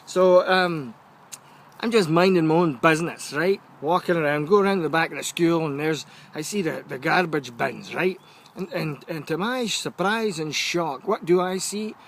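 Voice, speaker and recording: A man with a Scottish accent telling a funny story in a lively, chatty rant, often checking in with the listener. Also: on the high side, moderate pace, slight background noise. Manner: animated, keeps checking in with "right?".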